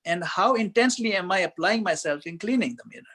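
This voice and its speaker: A man giving a conversational spiritual talk as a guest speaker, telling stories in a relaxed way with many fillers. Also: high voice, fast.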